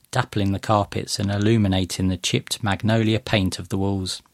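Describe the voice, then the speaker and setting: Low-voiced man reading a story. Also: dry recording, clean studio sound. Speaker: narrator. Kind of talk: first-person story reading.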